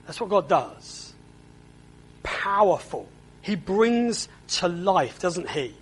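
A man's voice: high voice, very animated, slow, breathy edge, poor audio. A man preaching a sermon in a church, earnest and often repeating words as he stresses a point.

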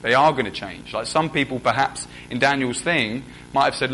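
A man's voice: medium pitch, brisk, few pauses, bright, forceful tone, a little hiss or hum, low-quality recording. A young man preaching a sermon in a conversational way, often putting questions to the congregation.

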